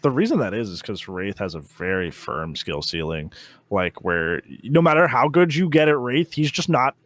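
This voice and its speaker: A man talking as a guest on a casual gaming podcast, chatty and quick to laugh, with lots of "like" and "um". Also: lowish voice, big pitch swings, fairly bright tone, dry recording. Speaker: interview guest, expert game player.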